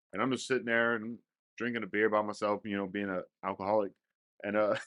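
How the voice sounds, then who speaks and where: A man's voice: lowish voice, a bit bright, dry recording, studio quality. Rowdy, profane young man telling a story. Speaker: storyteller guest. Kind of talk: casual podcast chat.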